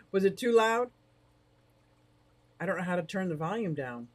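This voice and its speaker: A middle-aged woman hosts a casual livestream from a room beside a fish tank. She talks in a bubbly, rambling way, quick to laugh, answering viewers' comments as they come in. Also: medium pitch, very animated, a little mellow. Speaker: livestream host of an aquarium shop.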